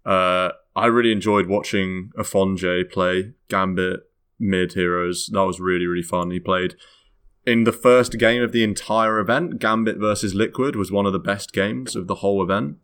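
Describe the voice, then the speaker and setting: Low-voiced British man talking esports. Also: steady tone, normal speed, a bit bright, clear, resonant tone. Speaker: podcast co-host. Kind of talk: casual esports chat.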